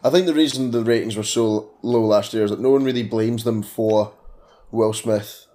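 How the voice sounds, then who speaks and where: A man co-hosting a podcast, chatting casually about films in a relaxed way. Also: fairly low pitch, normal speed. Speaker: podcast co-host. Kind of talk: casual film chat.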